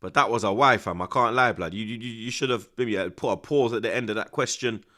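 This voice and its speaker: A young man giving excitable, slang-heavy live commentary on a football match, dropping to hushed mutters and bursting into loud outbursts. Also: lowish voice, fast talker. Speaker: football watch-along streamer.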